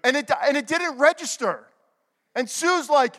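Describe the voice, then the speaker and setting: A middle-aged male pastor preaching a sermon, calling for amens, moving between loud exhortation and hushed, whispered confession. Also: extremely high pitch, expressive, normal speed. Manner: calls for amens from the congregation. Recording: long hall reverb.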